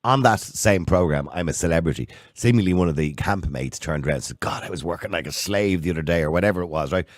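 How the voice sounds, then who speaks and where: A man's voice: low-pitched, fast talker, hardly any pauses, dry recording, clean studio sound. An Irish man in his sixties hosting a phone-in radio show, blunt and opinionated as he argues with callers. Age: 60s. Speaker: radio talk show host.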